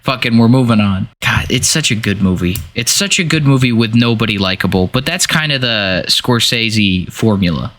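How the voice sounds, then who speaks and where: A man co-hosting a casual movie podcast, animated, swearing freely and acting out scenes. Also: on the low side, normal speed, hardly any pauses. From Washington State. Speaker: podcast co-host.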